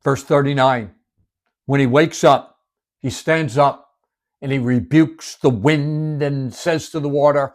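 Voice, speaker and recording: A man teaching the Bible as a sermon, retelling its stories dramatically and dropping to hushed whispers to make his point. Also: medium pitch, fairly even intonation, slow pace. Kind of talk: expressive Bible-study sermon.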